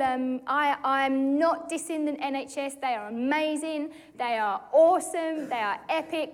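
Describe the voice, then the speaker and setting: Animated British woman telling a testimony. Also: high-pitched, normal speed, few pauses. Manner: animated, excitable storyteller who acts out quotes. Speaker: speaker giving a testimony. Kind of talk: storytelling testimony to a church gathering. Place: stage in a hall. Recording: echoey hall.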